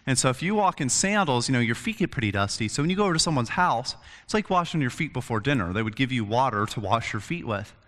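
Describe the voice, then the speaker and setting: A young adult man giving a conversational sermon, telling stories with lively voiced asides. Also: mid-range voice, fast talker, hardly any pauses. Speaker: pastor. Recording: long hall reverb.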